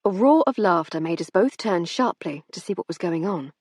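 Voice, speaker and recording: A woman narrating a first-person audiobook in a lively, expressive way. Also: lowish voice, normal speed, slightly rough, dry recording, clean studio sound.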